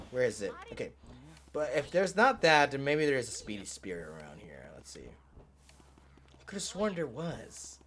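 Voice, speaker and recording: Excitable, rambling male game commentator. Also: mid-range voice, a little hiss or hum. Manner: rambling, excitable, swears and laughs. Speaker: let's play host. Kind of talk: gameplay commentary.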